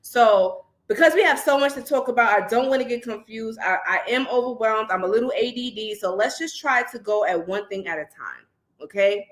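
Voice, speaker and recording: A woman's voice: fairly high pitch, animated, normal speed. A woman hosting a spiritual livestream, stuffy and nasal from a cold, preaching to her viewers in a rallying way and calling them family. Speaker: spiritual channel host. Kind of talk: livestream talk to viewers in chat.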